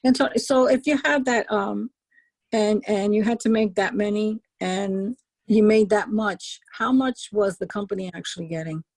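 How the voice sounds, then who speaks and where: A woman with a New York accent on a coaching call, asking plain questions in a halting, curious way. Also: mid-range voice, darkish tone, no echo, rough recording. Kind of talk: casual chat.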